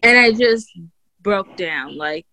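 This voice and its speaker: A woman's voice: medium pitch, animated, takes it slowly, bright, forceful tone. Chatty woman telling her birth story. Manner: chatty, heavy use of "like" and "you know", many restarts; acts out others' lines in a raised voice. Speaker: podcast guest sharing a birth story. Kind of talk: casual personal storytelling.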